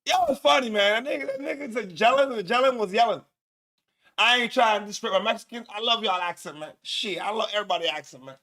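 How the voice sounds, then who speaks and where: Loud high-voiced man hosting a show. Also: fast. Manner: loud, profane, laughing, repeats words. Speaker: show host. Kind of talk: casual commentary on news clips.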